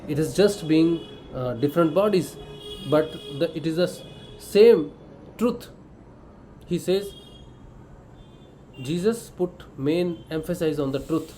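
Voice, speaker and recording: A man's voice: fairly high pitch, warm tone, slight background noise, low-quality recording. A man giving a devotional teaching talk, earnestly asking his own questions and answering them as a disciple. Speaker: spiritual disciple explaining scripture.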